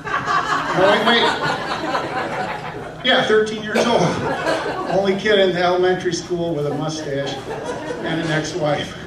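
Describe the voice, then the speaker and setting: A man from Michigan doing a self-deprecating stand-up comedy set in a comedy club, now and then jumping into high yelping voices. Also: fairly even intonation, normal speed, heavy background noise. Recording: echoey club from a distant camera.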